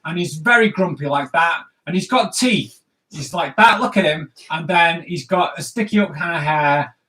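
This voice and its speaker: A man's voice: a little high, normal speed, bright, forceful tone, rough recording. A man hosting a live drawing stream, chatting playfully and narrating each sketch as he draws.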